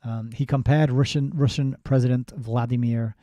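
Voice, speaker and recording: A man's voice: mid-range voice, fairly even intonation, normal speed, mellow, no echo, studio quality. A man giving a casual spoken book review. He reads passages aloud, breaks off into sardonic asides and often restarts his sentences.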